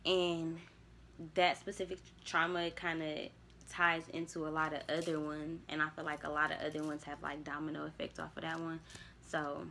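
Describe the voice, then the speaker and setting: A woman's voice: low-pitched, little pitch movement, normal speed, vocal fry, pushed and bright, a little hiss or hum. A young woman, talking candidly to herself on camera about spiritual growth, with casual swearing. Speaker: vlogger. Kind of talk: casual reflective monologue.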